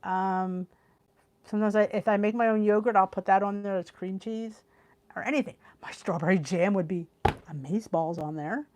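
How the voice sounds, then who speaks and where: A woman's voice: mid-range voice, steady tone, normal speed, a little mellow, a little hiss or hum. A chatty middle-aged woman hosting a live cooking stream from home over a video call. She reads viewer comments aloud, gasps and trails off mid-thought, and sounds tired and yawny from the heat. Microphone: computer on a video call.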